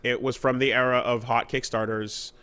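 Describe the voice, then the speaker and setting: A man's voice: mid-range voice, little pitch movement, normal speed, sharp tone, clear, resonant tone. Rambling man on a podcast. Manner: rambling, lots of fillers and restarts. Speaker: podcast co-host. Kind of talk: casual podcast chat.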